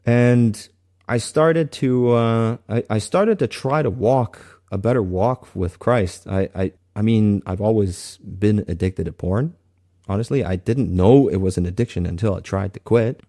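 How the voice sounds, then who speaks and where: A man tells a personal testimony in a lowish voice. His tone is mellow and soft-edged. He speaks earnestly and haltingly, and he often restarts his sentences. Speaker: guest sharing a faith testimony.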